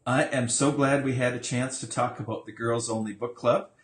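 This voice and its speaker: A man with a voice of middling pitch leads a relaxed interview, teasing his guest in a playful way. The room around him is echoey and roomy. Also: normal speed. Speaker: interviewer, author. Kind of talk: casual interview.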